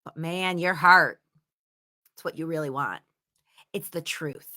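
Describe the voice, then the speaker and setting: A woman's voice: deep voice, unhurried, pushed and bright. A woman giving a motivational teaching talk, speaking emphatically and repeating words for stress. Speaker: instructor.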